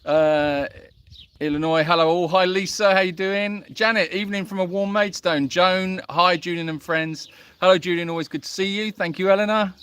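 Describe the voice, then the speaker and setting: A man with a high, clear, resonant voice speaks at a moderate pace in a steady, slightly bright tone, with no room sound. He hosts a casual livestream outdoors at an animal sanctuary, chatting among donkeys and reading comments. He greets viewers by name in a friendly, self-deprecating way.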